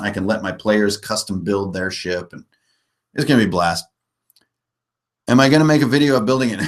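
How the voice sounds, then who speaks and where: Man, forties, live stream host, casual chat, rambling, self-mocking humor. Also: fairly low pitch. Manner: rambling, jokey, often laughing at himself. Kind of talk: casual live chat about tabletop gaming.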